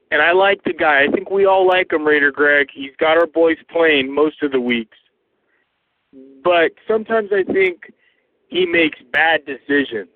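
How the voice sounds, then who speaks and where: A man's voice: on the high side, no echo. Sarcastic, heated male caller, phone-quality sound. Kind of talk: angry voicemail rant. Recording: dry, tinny phone line.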